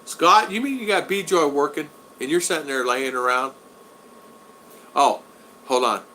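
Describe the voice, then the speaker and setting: Bright-voiced man in his 60s. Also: a little high, measured pace, a little hiss or hum. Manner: chatty, reads out and answers viewer comments, friendly teasing. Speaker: host of a live stream. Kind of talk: casual live-stream chat. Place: at home in the Philippines.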